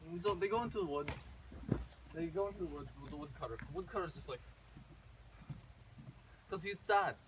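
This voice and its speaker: A man's voice: on the high side, lively intonation, brisk, long pauses. A man casually retelling a fairy tale, rambling with many fillers and restarts. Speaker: storyteller. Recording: distant mic with faint noise.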